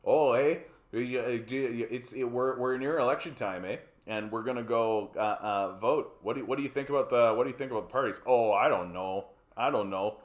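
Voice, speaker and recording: A man's voice: medium pitch, fairly quick, hardly any pauses, echoey room, close to an everyday voice. A man doing a bumbling hoser. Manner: stammering, folksy, trailing off. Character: dim-witted male Canadian hoser, slow-talking.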